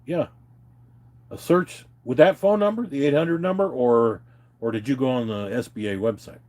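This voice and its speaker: A man talks at an ordinary middle pitch, venting in a heated, unscripted way. He swears freely and keeps addressing his viewers directly as he tells his story. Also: normal speed, darkish tone. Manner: agitated, profane, ranting and telling stories to viewers. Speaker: livestreamer answering chat. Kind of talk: unscripted live rant.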